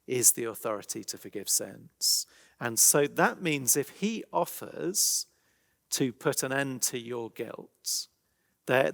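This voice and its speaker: A man with an English accent giving a conversational church talk on a Bible passage, animated, dropping to hushed emphasis. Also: mid-range voice, creaky. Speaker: preacher. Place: church hall. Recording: long reverberant hall.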